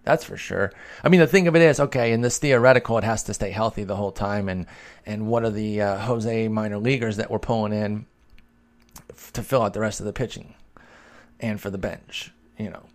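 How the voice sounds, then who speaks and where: Low-voiced man chatting casually. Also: brisk. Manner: chatty and analytical, thinks aloud with fillers. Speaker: podcast host answering listener questions. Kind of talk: casual chat.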